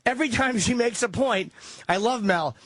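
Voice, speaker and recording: A man's voice: very high-pitched, moderate pace, crowd noise. A man co-hosting a talk radio show, chatting and mimicking lines.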